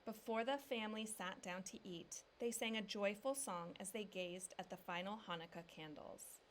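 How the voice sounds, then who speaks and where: Teacher read-aloud, woman, calm and even, mid-range voice. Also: normal speed, a little hiss or hum. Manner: calm, dropping low on narration tags. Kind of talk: reading a picture book aloud.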